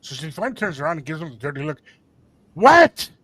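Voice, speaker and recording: Animated middle-aged man telling a story. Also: fairly high pitch, very fast, dry recording. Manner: animated, acts out quoted voices, mixes in Spanish phrases. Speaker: radio show co-host. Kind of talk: casual storytelling chat.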